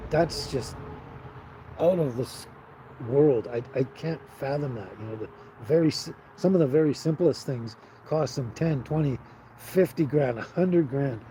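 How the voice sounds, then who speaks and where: A man's voice: medium pitch, a little slow, warm tone, slight background noise, poor audio. A man hosting a casual live stream, rambling and chatting with viewers by name. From Canada. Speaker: livestream host.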